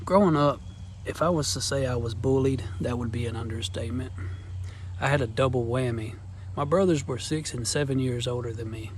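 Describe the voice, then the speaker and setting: With a medium-pitched voice and a fairly quick pace, a man in his thirties vlogs an earnest, rambling personal testimony in Southern-style phrasing. A bit of hiss or hum sits under the audio.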